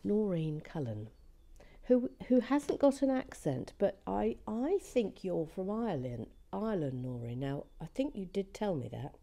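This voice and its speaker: A woman giving relaxed commentary while building a set, chatty and often slipping into a soft whisper. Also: mid-range voice, unhurried, gravelly.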